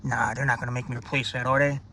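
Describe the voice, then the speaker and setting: Bright-voiced man vlogging a car repair. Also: medium pitch, little pitch movement, quick pace, slight background noise. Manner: casual and profane, thinking aloud while working. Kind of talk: casual DIY repair vlog. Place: home driveway by a car.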